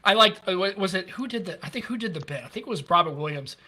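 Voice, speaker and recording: Lively fast-talking American man. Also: sits high. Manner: animated, laughing, quick to jump in. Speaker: podcast co-host. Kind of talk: casual chat.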